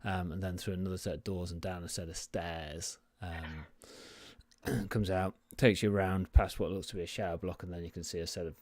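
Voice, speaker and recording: A man's voice: sits low, steady tone, moderate pace, darkish tone, no echo. A man narrating a tabletop game as game master, rambling with lots of fillers as he describes scenes.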